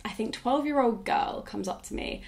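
Reflective woman with vocal fry. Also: on the high side, normal speed, darkish tone. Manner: reflective, frequent "like" fillers. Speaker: YouTuber. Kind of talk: casual talking-head Q&A.

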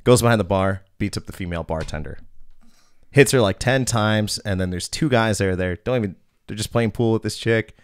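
A man's voice: lowish voice, brisk, smooth, no room sound, clean studio sound. A man in his thirties hosting a podcast, telling a bouncer story in a blunt, profane, casual way.

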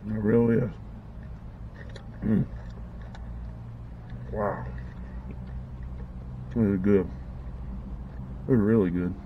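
A man's voice: on the low side, fairly even intonation, drawn-out words, long pauses, a little hiss or hum. A man vlogging casually as he eats, savoring each bite and talking with his mouth full, on a dull lo-fi recording. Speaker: food vlogger. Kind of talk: casual eating vlog.

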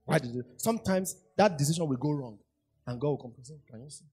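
A man's voice: fairly high pitch, expressive, fast talker, darkish tone, husky. A man preaching a sermon, repeating lines and asking the congregation questions. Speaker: pastor. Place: church hall.

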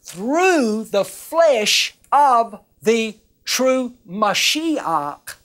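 A woman minister teaching the Bible on a television broadcast, earnest and emphatic, repeating words as she gets excited. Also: fairly high pitch, drawn-out words.

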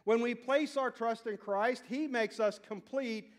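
A man with a noticeably high voice delivers a sermon. He presses his points hard and climbs toward near-shouts. Then he drops into easy, joking asides aimed at the people in the pews. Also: a little slow. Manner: emphatic, rising to near-shouts on key points; chatty asides to the congregation. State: out of breath. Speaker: pastor.

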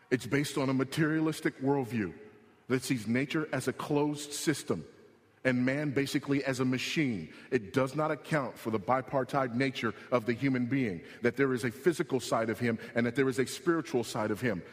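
Male pastor, sermon, emphatic and repetitive, mid-pitched voice, long church reverb. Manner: emphatic, repeats key points, rises in pitch when pressing a point. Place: church sanctuary.

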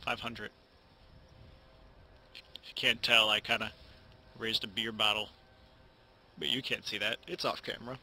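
A man's voice: on the low side, fairly even intonation, measured pace, long pauses, pushed and bright. A young man, a YouTube channel host, talking casually to camera in a home recording, rambling and mumbling at times, with many false starts and retakes. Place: indoors at home, in front of a camera.

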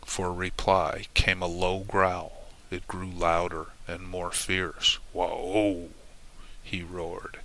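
A man narrating a legend in a measured, dramatic storybook reading. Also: low voice, vocal fry, bright, forceful tone, low-quality recording.

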